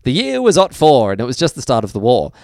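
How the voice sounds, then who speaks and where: A man's voice: mid-range voice, wildly swooping pitch, quick pace, vocal fry, darkish tone, dry recording, studio quality. A man co-hosting a podcast, reading listener mail in casual chat, laughing and swearing freely. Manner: laughs often, swears freely, slips into voices. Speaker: podcast co-host.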